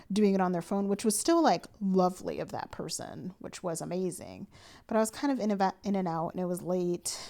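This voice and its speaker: A young woman chatting to camera for her planner vlog, excited and slangy but sleepy, yawning now and then. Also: on the low side. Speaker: planner vlogger. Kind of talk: casual chat to camera.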